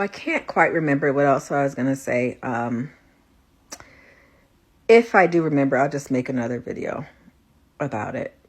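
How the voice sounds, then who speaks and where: Tired low-voiced woman vlogging from bed. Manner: soft, rambling, halting with restarts. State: tired and exhausted; stuffy with a runny nose. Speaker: spiritual coach and psychic reader. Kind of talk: casual confessional vlog. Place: in bed at home.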